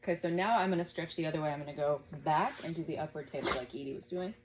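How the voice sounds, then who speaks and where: A woman's voice: sits low, racing, background noise. Patient woman guiding a home yoga class. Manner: patient, encouraging, guiding breaths aloud. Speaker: yoga teacher. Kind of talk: gentle home yoga class with her child.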